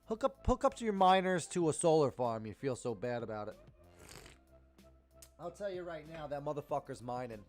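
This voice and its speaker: A man ranting and cursing on a trading live stream, swinging between loud outbursts and muttered asides. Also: mid-range voice. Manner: profane, heated, swings loud and quiet. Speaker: live-stream day trader.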